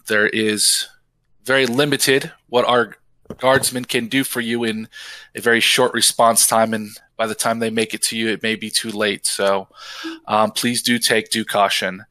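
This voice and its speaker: A man's voice: medium pitch, sharp tone, no echo. A man voicing a large built construct envoy who speaks formally and politely.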